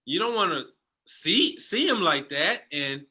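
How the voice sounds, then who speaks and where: Guy giving a heartfelt testimony, real high bright voice, very passionate. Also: big pitch swings, measured pace, slightly rough. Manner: passionate, storytelling. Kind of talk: emotional personal testimony.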